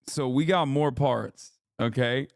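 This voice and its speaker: A man's voice: mid-range voice, slow, creaky, dry recording, studio quality. A man streaming live reaction commentary, crude and mocking, swearing freely.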